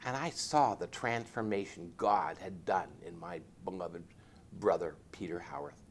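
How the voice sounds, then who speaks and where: A man tells a personal faith testimony in an earnest, storytelling manner. His pitch moves a lot, and he pauses and repeats phrases as he goes. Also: slight background noise. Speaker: former police chaplain telling a testimony.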